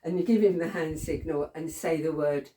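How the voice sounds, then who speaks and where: A woman's voice: sits low, fairly even intonation, normal speed, warm tone, a little hiss or hum. A woman dog trainer, casually demonstrating training steps, chatty, laughing often and saying "okay" a lot. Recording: roomy sound from a distant camera mic.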